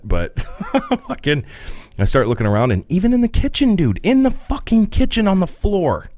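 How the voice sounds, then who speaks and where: This podcast co-host from the rural Midwest of the US has a lowish, somewhat dark voice. He tells a work story casually, swearing and laughing along. There is no room sound in the recording.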